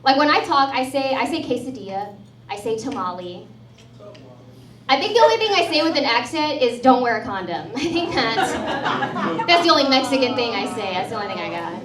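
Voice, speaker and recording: A woman's voice: high voice, big pitch swings, very fast, hardly any pauses. A woman in her thirties from Texas doing a chatty, sarcastic stand-up comedy set and laughing at her own jokes. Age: 30s. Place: comedy club in front of a live audience. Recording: roomy club sound from a distant mic, audience laughter. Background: crowd laughing and cheering.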